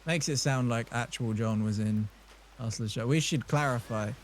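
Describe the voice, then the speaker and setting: A man's voice: mid-range voice, moderate pace, a little hiss or hum. A man from southern England with a southern English accent, streaming a game and telling rambling, jokey stories in casual chat.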